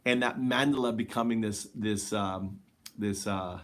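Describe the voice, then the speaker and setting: A man hosting a casual spiritual monologue, rambling and searching for words with many fillers, drifting quieter and slower at times. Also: on the low side, steady tone. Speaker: host.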